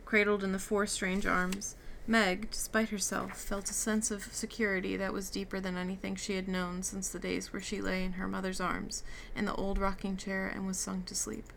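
A woman's voice: medium pitch, monotone, moderate pace, gravelly, hardly any pauses, fairly bright tone, slight background noise. A woman reading a novel aloud, giving the characters' lines light shifts. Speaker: reader. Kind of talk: audiobook reading with character dialogue.

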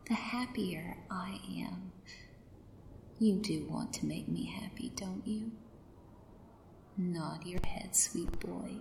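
A woman speaks in a whispered role-play, slipping between a hushed, commanding soft voice and breathy whispers. Her delivery is very slow and unhurried, set fairly low. The recording carries a noticeable roomy echo with a faint hiss behind it.

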